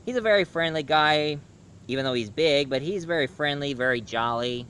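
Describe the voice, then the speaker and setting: A man's voice: a little high, normal speed, fairly bright tone, slight background noise. A man casually reviewing a cartoon, retelling the plot in a rambling way with fillers.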